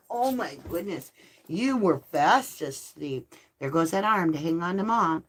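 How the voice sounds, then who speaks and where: A woman's voice: low-pitched, lively intonation, takes it slowly, breathy edge. A middle-aged woman hosting a live tarot stream, chatting casually with viewers and cooing baby talk at her dogs.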